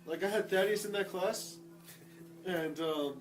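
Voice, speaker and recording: A man's voice: high voice, measured pace, slight background noise. A young man co-hosting a casual chat, rambling through school stories full of swearing and acted-out quotes. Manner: rambling storyteller, swears a lot, acts out quoted voices. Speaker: podcast co-host. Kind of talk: casual chat among friends.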